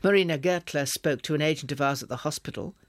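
A man's voice: on the high side, fast, no room sound, studio quality, natural voice. Man playing a smug secret police officer. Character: cold, sly male secret police officer. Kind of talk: audiobook reading.

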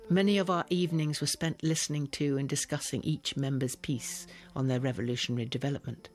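A man reading a first-person story as a narrator, measured and expressive. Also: mid-range voice, soft background music. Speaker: audiobook reader.

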